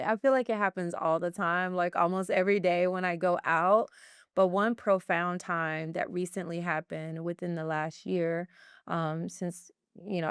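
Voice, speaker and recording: A woman guest in an interview, telling personal stories in an animated, heartfelt way. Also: lowish voice, clean tone, no room sound, studio quality. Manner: animated storyteller, acts out her own excitement. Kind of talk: conversational interview.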